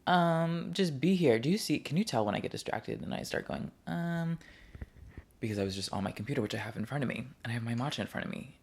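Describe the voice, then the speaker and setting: A man's voice: medium pitch, expressive, fast talker, gravelly, darkish tone, husky. A young man hosting his own podcast from his couch at home, chatting casually and rambling from one topic to the next. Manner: rambling, chatty, easily sidetracked. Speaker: podcast host. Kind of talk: casual solo podcast chat. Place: living room couch at home.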